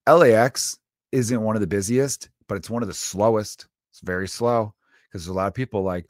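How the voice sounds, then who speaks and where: A man's voice: medium pitch, fairly quick, no echo, clean studio sound. A man in his thirties, a stand-up comedian, talking in a casual solo monologue that rambles, swears freely and is full of fillers. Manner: rambling and profane, with frequent fillers.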